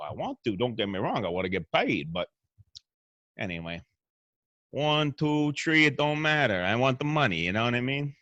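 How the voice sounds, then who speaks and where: A show host with a Northeastern Pennsylvania accent rambles through a profane comedic monologue in a hotel room, meandering and restarting as he goes. His medium-pitched voice is sing-song, brisk, and fairly bright. The lo-fi recording has no echo.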